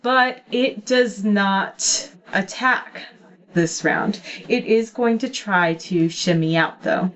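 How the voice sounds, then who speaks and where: A woman with a medium-pitched voice runs a tabletop game as game master, narrating slowly. She sounds relaxed, giggles often, and leans on hesitant, easygoing fillers.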